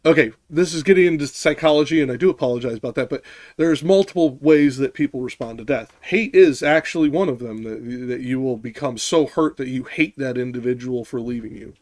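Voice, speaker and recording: A man in a loose podcast discussion who argues his side with insistence. He restarts his sentences often and drops a swear word to drive a point home. His voice sits at an ordinary middle pitch. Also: brisk, a little mellow. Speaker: podcast co-host. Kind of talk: casual discussion.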